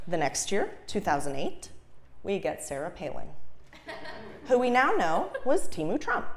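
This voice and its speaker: A young woman from Los Angeles performing a stand-up comedy set, animated, laughing at her own jokes and shrieking her punchlines. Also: medium pitch, unhurried. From Los Angeles, USA. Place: comedy stage before a live audience.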